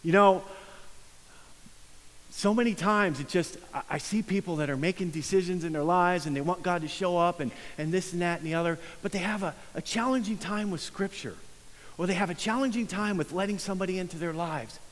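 A male pastor delivers a sermon in an earnest, conversational way, now and then sinking to a hush to drive a point home. His voice sits a little high for a man. The sound carries a long, lingering reverb from a large sanctuary. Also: a little fast. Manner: earnest, conversational preaching with soft hushed emphasis.

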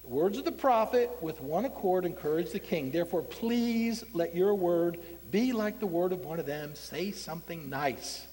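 A man's voice: sits high, lively intonation, moderate pace, few pauses, darkish tone, long reverb tail, low-quality recording. A man preaching a sermon, voicing a male messenger pressuring a prophet to say something pleasing. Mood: coaxing. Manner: coaxing, pressuring. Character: pushy male royal messenger.

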